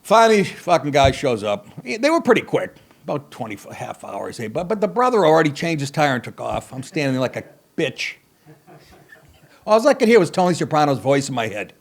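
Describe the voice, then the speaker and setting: A man's voice: fairly high pitch, sing-song, a little fast, gravelly. A middle-aged man hosting a podcast, telling a rambling comic story full of swearing and self-mockery, with wry asides and bursts of laughter. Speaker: podcast host. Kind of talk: profane comedic monologue.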